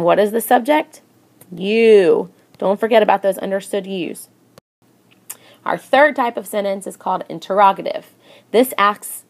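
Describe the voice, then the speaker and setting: A young woman teacher giving a recorded grammar lesson in a chatty way, reading example sentences in lively voices. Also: mid-range voice.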